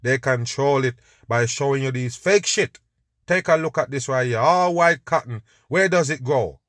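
Reacting to video clips on his podcast, a man with a fairly bright, mid-range voice speaks at normal speed. He's scornful and preachy, constantly addressing his audience as "people." The studio-quality audio has no echo.

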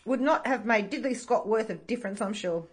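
A woman's voice: a little high, fairly quick. An Australian woman co-hosting a podcast in casual chat, dry and irreverent, swearing freely. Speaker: podcast co-host.

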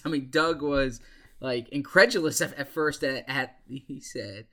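A man co-hosting a casual sports podcast, speaking in a halting, self-conscious way. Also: mid-range voice, sharp tone. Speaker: podcast co-host.

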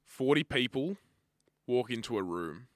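A man's voice: medium pitch, expressive, no echo, studio quality. A young man with a slight lisp, co-hosting a podcast in casual, sweary banter and getting easily exasperated. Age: young adult. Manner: swears a lot, quick to get exasperated. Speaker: podcast co-host. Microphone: close studio mic.

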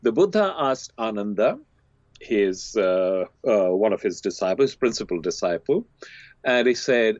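Older male guest, low voice, lively storyteller, slightly dull recording. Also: measured pace, dry recording. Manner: animated storyteller, voices characters with big pitch swings. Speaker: podcast guest, teacher. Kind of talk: storytelling in conversation. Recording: dry, slightly dull lo-fi sound.

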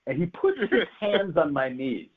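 A man's voice: a little high, unhurried, breathy edge. A man telling a wild story in a casual chat, laughing often and swearing freely. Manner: animated, laughing, profane storytelling. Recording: tinny phone-like line.

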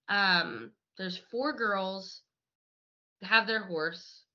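A young adult woman, a riding instructor, telling a story in a chatty, animated way over a video call, with lots of "like" and easy laughter. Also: mid-range voice. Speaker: riding instructor and horse manager, guest. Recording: slightly dull lo-fi call audio.

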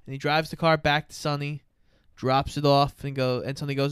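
A man's voice: on the high side, little pitch movement, normal speed, smooth, no room sound, clean studio sound. A man casually retelling a film's plot scene by scene and voicing the characters he quotes. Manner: storytelling, voices characters in quotes. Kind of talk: casual chat recapping a film.

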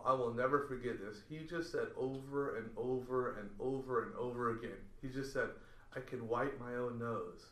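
A man's voice: mid-range voice, echoey room. A man on a podcast, telling a story casually and acting out what people said. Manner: animated storyteller, acts out quoted lines. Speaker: podcast guest.

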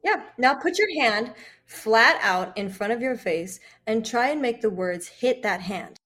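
A woman's voice: on the high side, lively intonation, unhurried, fairly bright tone. A woman with an American accent coaching accents, encouraging and full of fillers like "um". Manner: encouraging, many fillers, laughs often. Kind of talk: coaching lesson conversation.

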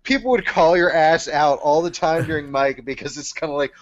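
A man co-hosting a comedy podcast, chatting casually and telling animated stories with plenty of swearing. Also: a little high, a little fast, highs cut off, crowd noise. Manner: swearing, animated storytelling with voiced quotes. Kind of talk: casual chat.

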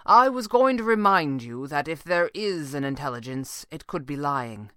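A woman's voice: low voice, animated, normal speed, fairly bright tone, clear, resonant tone, no echo. A woman voicing a wry, sardonic male red panda adventurer in a storybook reading. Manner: dry, sardonic.

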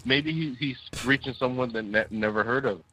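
A man's voice: mid-range voice, moderate pace, sharp tone, poor audio. A man calling in to a talk show, chatting casually and rambling with laughs between phrases. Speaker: caller. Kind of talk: casual call-in chat.

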